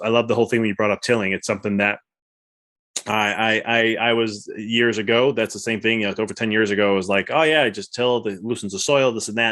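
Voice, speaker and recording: A man's voice: on the low side, bright, forceful tone. A man hosting a podcast, a chiropractor, talking in a rambling, enthusiastic way with lots of repeated words. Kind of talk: casual interview chat.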